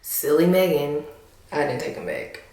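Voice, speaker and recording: A young woman telling a storytime to camera in an animated, sassy way, talking straight to her viewers. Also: sits low, moderate pace. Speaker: vlogger. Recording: echoey room.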